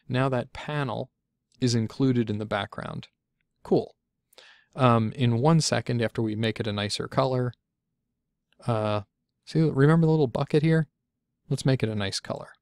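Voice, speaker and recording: A man giving a casual software tutorial, chatty and thinking aloud as he clicks through, often stopping to correct himself. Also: mid-range voice, clear, resonant tone, no room sound. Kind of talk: casual screencast walkthrough.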